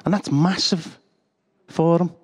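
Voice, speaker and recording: A man's voice: on the high side, fairly even intonation, measured pace. A middle-aged man, preaching a sermon full of personal stories and self-deprecating jokes. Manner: chatty, self-deprecating, joking asides.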